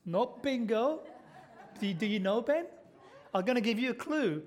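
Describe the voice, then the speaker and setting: A man gives a sermon in a church. His voice sits high for a man, and he keeps it conversational, throwing questions out to the congregation and checking in with "okay?" as he goes. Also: animated, normal speed. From Britain. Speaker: preacher.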